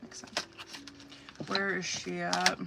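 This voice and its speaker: A woman's voice: lowish voice, monotone, slow pace, gravelly, very noisy. A woman giving a live-stream tarot reading, talking bluntly and animatedly with lots of swearing and slang. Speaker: tarot reader.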